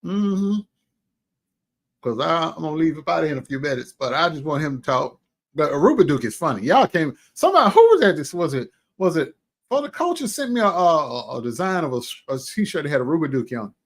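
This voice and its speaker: A man hosting a casual livestream, talking in a somewhat high voice. He is animated and exclamatory, with folksy asides. Drawn-out hums and murmurs fill the gaps between his remarks. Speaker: livestream host.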